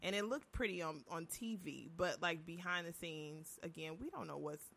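Woman, podcast co-host, casual chat, reflective manner, lower pitch. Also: normal speed, gravelly. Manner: reflective, easygoing, laughs loudly.

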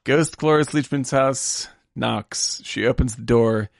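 Gravelly-voiced man retelling a film scene. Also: medium pitch, a little slow, no echo, clean studio sound. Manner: animated retelling of film scenes, swears freely. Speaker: podcast co-host. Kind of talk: casual film discussion.

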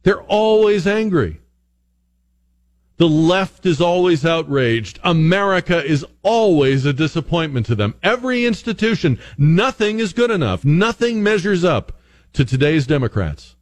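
A man hosts an opinion talk show in a sarcastic, mocking tone. His pitch swings widely, jumping into exaggerated high asides. The sound is close and dry, with no room echo. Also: very animated, moderate pace. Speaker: political commentary host.

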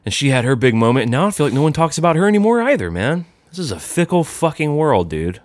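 A man's voice: fairly high pitch, very animated, fast, dry recording. A man co-hosting a casual chat, laid-back and wry. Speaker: podcast co-host.

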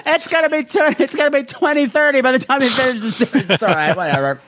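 A man's voice: extremely high pitch, quick pace, noisy background. A man co-hosting a podcast in casual chat, joking and laughing often. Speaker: podcast co-host.

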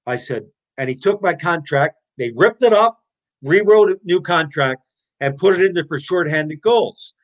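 A man in his sixties telling his stories as an interview guest, animated, blunt and profane. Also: fairly high pitch, moderate pace, muffled recording. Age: 60s. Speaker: interview guest, former hockey player. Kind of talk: casual storytelling.

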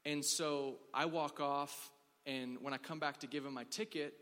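A man's voice: a little high, steady tone, measured pace, fairly bright tone. A man from Dallas preaching a sermon, telling a story in a casual, chatty way with lots of "like" and acted quotes. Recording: long hall reverb.

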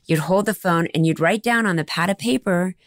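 Lively storytelling woman, fairly low voice. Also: a little fast, no echo, clean studio sound. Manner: animated storyteller, acts out phone voices. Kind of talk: casual chat.

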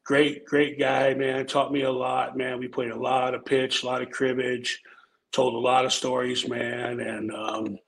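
Gravelly laid-back man telling old stories. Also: mid-range voice, little pitch movement, unhurried, a little hiss or hum, poor audio. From Omaha, Nebraska. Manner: laid-back, rambling, swears, says "man" often. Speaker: podcast guest telling his life story. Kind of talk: casual storytelling.

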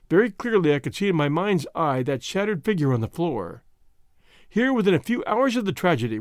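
A man reading a storybook aloud in scripted, expressive narration. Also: on the high side, no room sound, clean studio sound. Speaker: audiobook narrator.

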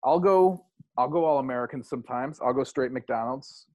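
A man co-hosting a podcast, a gravelly-voiced talker who chats casually and teases his friend in joking banter. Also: medium pitch, moderate pace, a little mellow, muffled recording. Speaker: podcast co-host. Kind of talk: casual chat.

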